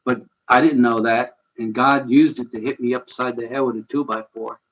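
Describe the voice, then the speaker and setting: With the high frequencies cut off, this clip captures a male podcast guest of medium pitch and moderate pace. He is a ministry founder recounting a personal story earnestly and conversationally, animated and chuckling as he goes.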